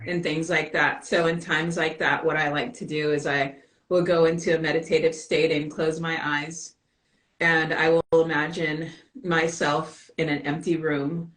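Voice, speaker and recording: A woman guest in a casual live-stream chat, speaking calmly and reflectively. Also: deep voice, a little slow, low-quality recording.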